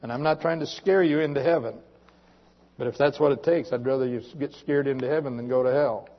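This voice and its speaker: A man's voice: medium pitch, steady tone, fairly quick. A male preacher giving a sermon in a church, earnestly reading a dramatic poem to his congregation. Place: church sanctuary. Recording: muffled recording with long reverb.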